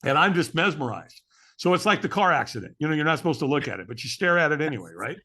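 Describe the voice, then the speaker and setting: A man's voice: a little high, big pitch swings, quick pace, sharp tone, slightly rough. A middle-aged man, a podcast guest, telling a story with energy and acting out the voices of the people in it. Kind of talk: animated storytelling.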